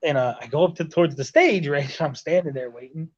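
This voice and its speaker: A man on a podcast call, his voice fairly high for a man and a bit dull and lo-fi. He tells his stories with animated energy, swearing freely and jumping into other people's voices. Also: fast. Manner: animated, profane, acts out others' lines. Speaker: podcast host. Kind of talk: casual chat, storytelling. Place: hotel room.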